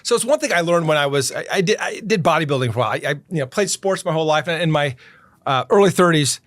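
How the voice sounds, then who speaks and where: A middle-aged man, a podcast host, answering interview questions in an earnest, emphatic way and slowing down to stress his key points. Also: fairly high pitch, lively intonation, a bit bright, no room sound.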